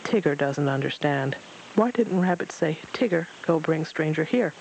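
A man doing a bouncy eager tiger, high and springy. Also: lively intonation, normal speed, vocal fry, darkish tone, slight background noise, poor audio. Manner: speaks of himself by name, eager. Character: bouncy simple-minded male tiger, proud scout.

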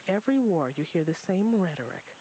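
A man's voice: sits high, a little fast, lo-fi sound, slight background noise, voice pushed up. A man doing a wise old stranger. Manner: calm, reflective, lightly mocking.

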